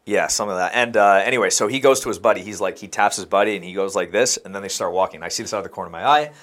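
A man's voice: fairly low pitch, racing, fairly bright tone. Young man telling a rambling story. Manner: rambling, laughing, acts out quoted lines. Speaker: podcast co-host. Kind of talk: casual storytelling chat.

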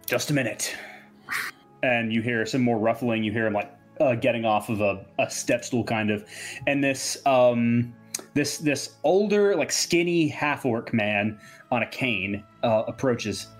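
A man running a tabletop game, narrating scenes casually with plenty of "like" and "um." His voice sits at a middling pitch. Faint music plays behind him. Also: measured pace. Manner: casual, rambling narration with fillers. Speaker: game master.

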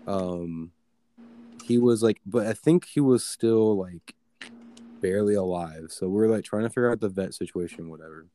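A man's voice: lowish voice, moderate pace, dark tone. A young man telling a story in casual chat, rambling with many fillers and swearing. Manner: rambling, filler-heavy, profane.

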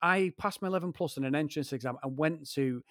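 A man's voice: a little high, quick pace, fairly bright tone, dry recording, clean studio sound. A man, co-hosting a podcast and telling long, sweary stories in casual chat. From Greater Manchester, England. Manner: rambling storyteller, swears freely, keeps addressing his co-host. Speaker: podcast co-host.

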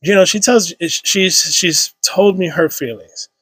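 Man, 30s, podcast guest, emotional storytelling, husky tone, dry close sound. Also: high voice, a little slow, fairly bright tone, no room sound. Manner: casual, heavy slang, many restarts and fillers.

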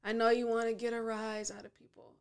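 A woman's voice: fairly high pitch, level tone, fairly quick, creaky, smooth. A woman from Southern California, a podcast guest in casual chat, earnestly pushing back in friendly argument.

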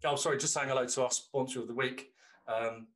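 A man's voice: medium pitch, steady tone, brisk, a bit bright. A man, co-hosting a podcast and telling long, sweary anecdotes in casual chat. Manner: rambling anecdotes, swears freely. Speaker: podcast co-host.

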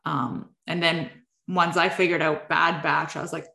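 A woman's voice: sits low, level tone, moderate pace, gravelly, sharp tone, echoey room. A woman on a podcast, chatting agreeably and giving frequent mm-hmms. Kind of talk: casual chat.

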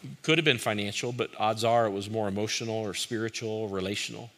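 A man preaching a sermon, earnest and direct, who rises to forceful emphasis and drops to a hushed, pleading tone. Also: fairly low pitch, steady tone, fast talker. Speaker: pastor.

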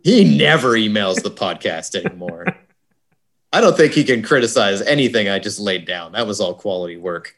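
Um homem num podcast comentando um filme num papo descontraído, brincando e fazendo imitações rápidas. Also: male voice, on the low side, expressive, fairly bright tone. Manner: jokey, does quick impressions. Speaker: podcast co-host. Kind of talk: casual movie review chat.

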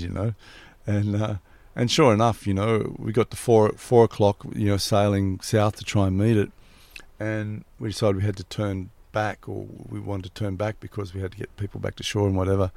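A man in casual conversation, telling a reflective story in an unhurried, spiritual way. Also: on the low side, level tone, creaky, darkish tone, no echo.

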